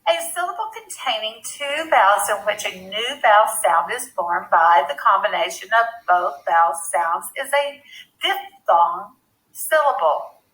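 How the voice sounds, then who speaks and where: A woman teaching a phonics lesson to young children, speaking slowly and clearly with a deliberate teacher's manner. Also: mid-range voice, animated, a bit bright, poor audio.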